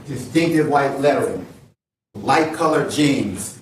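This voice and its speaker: A man from New Orleans delivers an impassioned courtroom closing argument, loud and emotional, stacking words into rhetorical lists. He is heard from afar on a distant courtroom feed, with heavy echo and a faint hiss underneath. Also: medium pitch, animated, slow pace. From New Orleans, USA. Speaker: defense attorney. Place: large courtroom.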